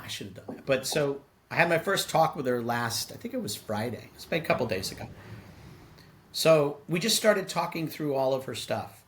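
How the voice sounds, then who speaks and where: Animated middle-aged man telling stories. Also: mid-range voice. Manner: animated storyteller, acts out quoted dialogue. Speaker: podcast guest, sales executive. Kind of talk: casual interview conversation.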